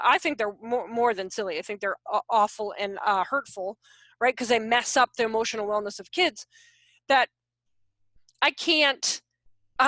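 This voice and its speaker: A woman in her forties, a behavior consultant, giving an animated, jokey online workshop talk over a video call. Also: a little high, dry recording, studio quality. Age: 40s. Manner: animated, self-deprecating, jokey.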